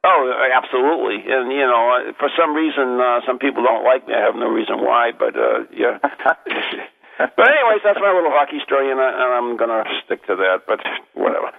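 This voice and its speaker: A man's voice: medium pitch, lively intonation, a little fast, gravelly. An older man hosting a radio show in a rambling, joking manner. His voice comes through thin and phone-like, in a mid register. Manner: rambling, joking, many restarts. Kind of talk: casual radio talk. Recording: tinny phone-like radio audio.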